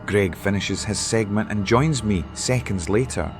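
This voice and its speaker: A man's voice: lowish voice, moderate pace, music in the background. A man reading scripted documentary narration in a dramatic, suspenseful way.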